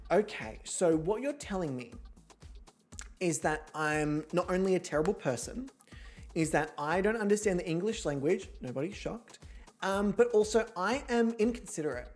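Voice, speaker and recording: A woman's voice: on the low side, lively intonation, moderate pace, a little mellow, soft background music. A woman streamer giving casual gameplay commentary from home, with sarcastic, profane, theatrical rants. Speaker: gaming streamer.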